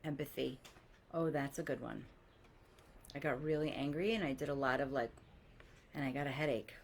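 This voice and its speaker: Low-voiced, blunt woman telling a story. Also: normal speed, a little hiss or hum. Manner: candid, blunt, swears freely; lively, animates quoted voices. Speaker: spiritual coach. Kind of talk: casual storytelling monologue.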